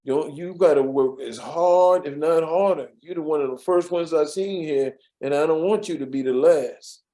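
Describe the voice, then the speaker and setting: A man's voice: on the high side, moderate pace, dark tone, close to an everyday voice. A man doing an impression of an older male actor giving firm, fatherly advice to a young man.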